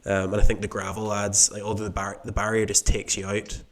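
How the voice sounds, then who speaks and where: A man from the UK talks in a relaxed podcast chat, circling around his point before landing on it. His voice sits on the low side and stays level, with little rise and fall. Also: fairly quick. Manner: meandering, thinks aloud while answering. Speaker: podcast co-host. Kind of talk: casual chat.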